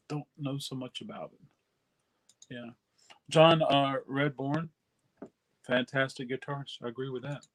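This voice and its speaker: A man chats casually as he hosts a live stream about records. He rambles in a relaxed way, full of fillers and restarts, and faint clicking sounds come in behind him. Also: medium pitch. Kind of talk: casual live-stream chat reading viewer comments.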